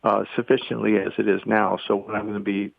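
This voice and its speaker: An older man, a guest on a podcast, telling stories in a lively way and acting out what others said, heard over a phone line. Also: fairly low pitch, quick pace, creaky, no echo. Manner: lively storyteller, acts out quotes. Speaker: guest speaker. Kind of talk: podcast interview storytelling.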